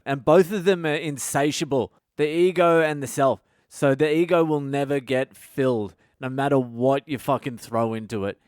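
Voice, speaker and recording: A man's voice: mid-range voice, normal speed, hardly any pauses, darkish tone, clean tone, no echo, clean studio sound. A male comedian hosting his own podcast, talking in a casual comedic monologue full of swearing and self-mocking asides.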